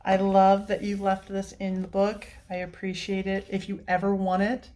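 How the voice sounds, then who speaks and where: On her coloring channel, a woman has a casual, heartfelt chat, gushing, laughing often and sounding teary and emotional. Her middle-pitched voice is monotone and dark-toned, at a moderate pace, with a little hiss or hum behind it.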